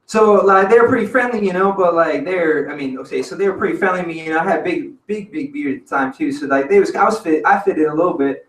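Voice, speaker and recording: A man's voice: on the high side, fast, few pauses, a bit bright. Guy rambling thru a crazy story at an open mic, swears a lot, says man and dude nonstop, roomy cafe sound. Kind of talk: casual spoken storytelling. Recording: roomy venue audio from a distance.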